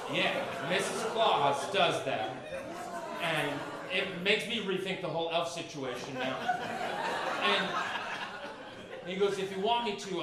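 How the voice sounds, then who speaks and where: A man in his thirties with a high voice tells a rambling, self-mocking stand-up story. He is in a very echoey club, and the crowd laughs loudly and often behind him. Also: unhurried. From Maine, USA. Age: 30s. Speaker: stand-up comedian. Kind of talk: stand-up comedy set. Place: comedy club stage before a live audience. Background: audience laughter.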